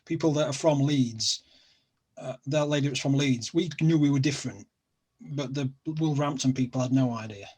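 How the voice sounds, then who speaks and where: Husky-voiced middle-aged Sheffield man. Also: mid-range voice, normal speed, a little mellow. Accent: Sheffield, South Yorkshire. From England. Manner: rambling, repeats himself, lots of fillers. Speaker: guest. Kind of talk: casual chat.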